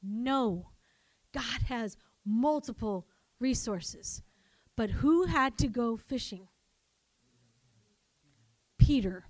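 A woman preaching a sermon, animated and calling on her congregation to answer back. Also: on the high side, slow, long pauses, dry recording. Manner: animated, calls for congregation responses. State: coughing, choked up.

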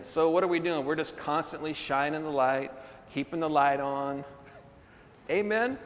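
A man preaching a sermon, telling a story with animated energy, laughing often and calling for responses from the congregation. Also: on the high side. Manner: laughs often between phrases. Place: church hall. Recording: long hall reverb.

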